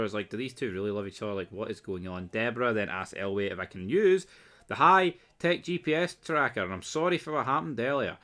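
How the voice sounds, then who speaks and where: A man's voice: lowish voice, lively intonation, fairly quick, bright, forceful tone. A man giving a casual episode recap and review, blunt, sarcastic and sweary.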